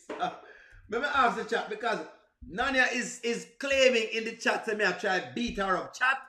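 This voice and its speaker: Bright high-voiced Jamaican man chatting. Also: normal speed, echoey room. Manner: chatty, laughs often, exclaims to himself. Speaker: livestream host. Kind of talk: casual livestream chat answering viewers.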